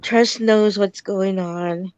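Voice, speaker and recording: A woman in a casual group chat who speaks in a drawn-out, knowing way. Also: medium pitch, fairly even intonation, darkish tone, smooth, no room sound. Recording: dull lo-fi dry sound.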